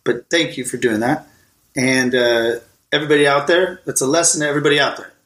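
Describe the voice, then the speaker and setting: A man hosts a podcast in loose, crude banter, swearing freely and joking bluntly. His voice sits at an ordinary pitch and echoes around a hotel suite. The room sound hangs on every line. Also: fairly even intonation, a little fast, a bit bright. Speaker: podcast host.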